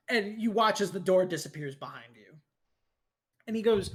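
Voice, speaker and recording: Game master with a very animated voice. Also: medium pitch, slightly rough. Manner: brisk, descriptive. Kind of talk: narrating a tabletop game.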